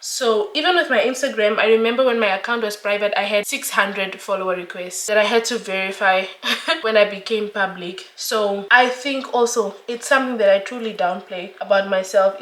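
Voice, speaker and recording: A woman's voice: mid-range voice, steady tone, a little fast, a bit bright, roomy sound. A young woman vlogger chatting candidly while doing her makeup, laughing often. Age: young adult.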